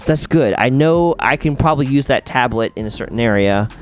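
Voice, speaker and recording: A man hosts a relaxed live gaming stream, talking to his viewers as he plays. His voice sits at an ordinary middle pitch but swings up and down with real animation. He thinks aloud in a chatty way over faint background music. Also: brisk. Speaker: streamer hosting a faith-based gaming stream. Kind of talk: casual live-stream chat while gaming.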